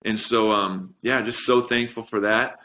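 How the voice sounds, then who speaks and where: Middle-aged male guest, earnest storyteller, low pitch, emotional undertone. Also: steady tone, measured pace, sharp tone, a little hiss or hum. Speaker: podcast guest, strength coach. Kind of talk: casual interview chat.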